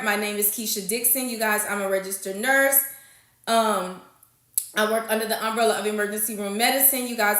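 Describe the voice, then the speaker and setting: A woman's voice: on the high side, sharp tone. A woman hosting a casual livestream, chatting with viewers and greeting them by name, calling them honey and y'all. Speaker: livestream host. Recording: echoey room.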